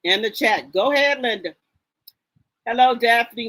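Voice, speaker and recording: Sassy and chatty, she greets viewers by name, reads chat aloud and dishes casual gossip on her live stream. Her voice is a little high and fairly bright, with lively intonation and a slightly slow pace, on a rough recording.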